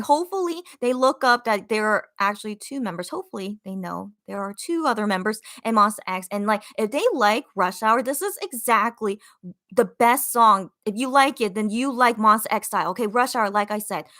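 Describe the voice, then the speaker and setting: A woman hosting a casual livestream podcast, reading chat comments aloud and gushing with excitement through lots of fillers. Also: fairly high pitch, brisk, hardly any pauses. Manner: excited, gushing fan talk with many fillers.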